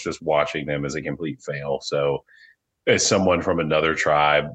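Deep-voiced swearing podcast guy. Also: a bit bright, highs cut off. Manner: profane and joking. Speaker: podcast co-host. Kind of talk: casual recap chat.

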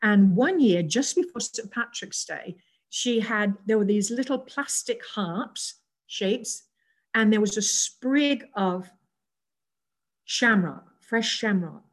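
An older English woman speaking as an interview guest, in a voice of ordinary pitch. She tells her memories gently and reflectively. Her talk is full of small pauses, fillers and restarts. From England. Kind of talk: reflective personal storytelling.

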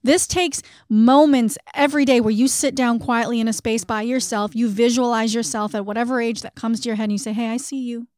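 A woman's voice: a little high, fairly even intonation, brisk, few pauses, a little mellow, dry recording, clean studio sound. A woman co-hosting a self-help podcast, talking candidly and casually, laughing at herself now and then. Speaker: podcast co-host.

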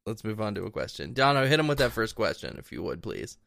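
Young dude cohosting a podcast, deadpan and sarcastic, lowish voice, very dry sound. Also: male voice, fast talker, creaky, dry recording. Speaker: podcast co-host. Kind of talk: casual podcast banter.

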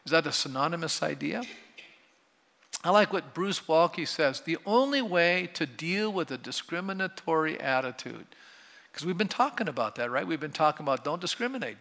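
A man's voice: fairly high pitch, animated, fairly quick, vocal fry, bright, forceful tone. A male pastor preaching a sermon in a church sanctuary, talking conversationally and often polling the congregation with questions. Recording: long hall reverb.

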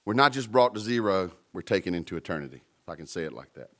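A man's voice: deep voice, very animated, fast talker, fairly bright tone. A man preaching a sermon in a conversational way, with playful asides and emphatic peaks. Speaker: pastor.

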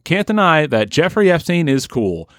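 A man's voice: on the high side, big pitch swings, normal speed, no echo, pitched above the performer's own voice. A gullible young man, voiced by a man, reacts in a startled, easily impressed way. The voice leaps well above the performer's own and swings widely. The recording is dry and close.

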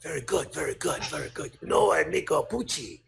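A man imitating a friendly male toy executive with a put-on Japanese accent and broken, halting English. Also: fairly high pitch, lively intonation, creaky.

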